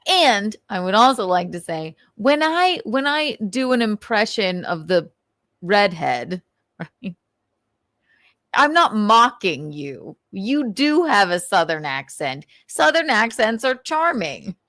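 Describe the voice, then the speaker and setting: A woman's voice: medium pitch, sing-song, a bit bright, dry recording, studio quality. A woman hosting a casual livestream, talking candidly with frequent swearing, laughter and restarts. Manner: candid and profane, laughs often; halting, with many restarts and fillers. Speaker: livestream host.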